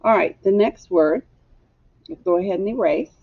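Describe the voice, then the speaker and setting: A woman teacher leading a phonics lesson for young children, clearly drilling sounds and words for them to echo. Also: mid-range voice, normal speed, muffled recording.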